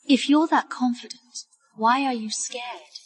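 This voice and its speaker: A cold, scheming impostor. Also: female voice, fairly high pitch, unhurried, husky, poor audio. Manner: cold, lecturing, scornful. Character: cold, scheming woman in disguise.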